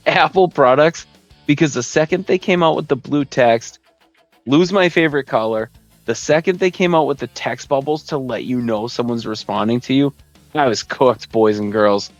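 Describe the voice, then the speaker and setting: Speaking in a medium-pitched voice, a man hosts a podcast from a basement gaming room at home, rambling through a profane, comedic rant and acting out his friends in silly voices. The recording is dry and lo-fi.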